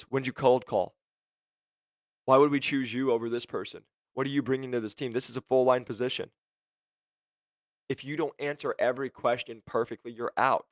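A man hosting a podcast, coaching listeners on sales careers in a direct, energetic way, firing off rhetorical questions and acting out quotes. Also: mid-range voice, no room sound. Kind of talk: motivational podcast monologue.

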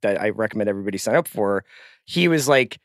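A man co-hosting a podcast in casual chat, relaxed and joking with many fillers. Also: lowish voice, quick pace, no room sound, clean studio sound. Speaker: podcast co-host.

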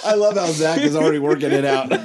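A man's voice: on the high side, fast talker, a loud crowd. A man co-hosting a podcast, amused and laughing easily in casual banter. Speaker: podcast co-host.

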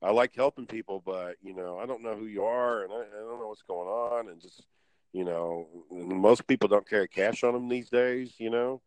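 A man with a mid-pitched voice, talking in loose, rambling anecdotes. He stumbles, restarts and stacks up fillers as he goes. The sound is dry and close, with almost no room. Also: normal speed, darkish tone, no room sound, low-quality recording. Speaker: podcast co-host. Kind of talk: casual chat.

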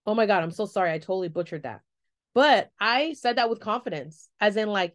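A woman's voice: mid-range voice, animated, brisk. A young adult woman hosting a solo podcast, talking frankly and expressively, swearing freely and acting out what people said. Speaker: podcast host. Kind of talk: candid solo podcast monologue.

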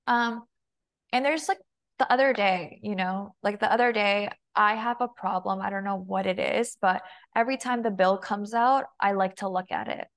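A woman's voice: mid-range voice, normal speed. A young woman talking casually as a podcast guest, chatty and full of "like", acting out her own and her partner's lines. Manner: chatty, heavy use of "like", quotes herself and her partner. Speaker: guest, femininity and body language coach.

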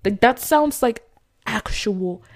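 Animated young woman giving blunt dating advice. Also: slow pace. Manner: emphatic, animated, swings from low asides to loud outbursts; chatty, many fillers and restarts. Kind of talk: casual talk to camera, reading from notes.

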